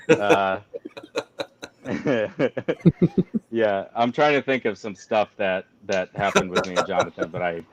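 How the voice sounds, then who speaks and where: A man's voice: on the low side, takes it slowly, long pauses, dry recording, low-quality recording. A man telling a story in a casual chat, ranting with exasperated exaggeration. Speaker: guest cigar company representative.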